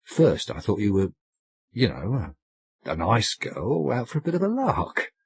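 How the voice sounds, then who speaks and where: A man's voice: mid-range voice, huge pitch swings, a little slow, gravelly, slightly rough, dry recording, pitched above the performer's own voice, heavily acted. A man voicing a simple, bluff young sailor who talks in fumbling, colloquial bursts in an audiobook. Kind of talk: audiobook character voice.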